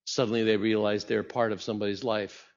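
A man's voice: fairly low pitch, little pitch movement, quick pace. A male pastor delivers a conversational sermon and keeps asking his listeners questions. His voice carries a long reverb from the church around him. The recording sounds slightly muffled. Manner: conversational preaching with rhetorical questions.

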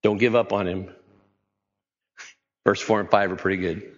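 A man's voice: on the low side, steady tone, moderate pace, long pauses, in a large hall, lo-fi sound. A man preaching a sermon in a conversational way, often putting questions to his listeners. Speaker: pastor.

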